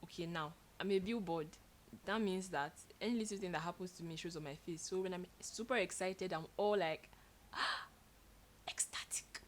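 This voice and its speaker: A young woman telling stories in a casual chat with her partner, expressive and animated, laughing as she goes. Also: fairly low pitch, normal speed. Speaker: co-host.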